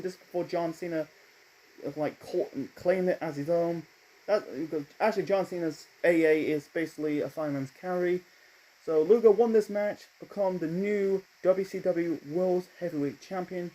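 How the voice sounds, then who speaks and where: A man talks through an old wrestling show in a loose, rambling way, stopping to correct himself and throwing in the odd swear word. His voice sits a little higher than most men's, with a warm, mellow tone. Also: poor audio. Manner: rambling, self-correcting, profane. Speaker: wrestling reviewer. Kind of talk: casual spoken review.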